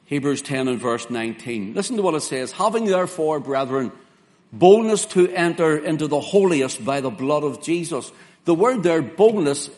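Guy preaching a sermon, earnest and emphatic, kinda high-ish voice, old-style bible wording. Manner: earnest, emphatic preaching with slow spelled-out words and dramatic quoted lines; King James phrasing.

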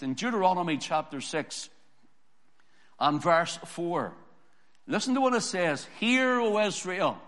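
Preacher, male, fairly high voice, forceful repetitive sermon delivery, long reverb. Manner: emphatic, repetitive preaching cadence.

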